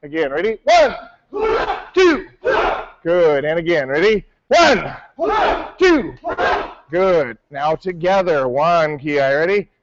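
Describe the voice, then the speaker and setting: A man's voice: a little high, expressive, slow, highs cut off, some chatter behind, slight background noise. A male martial arts instructor teaching a class, calling out counts and coaching his students. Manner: barks counts, coaching and correcting.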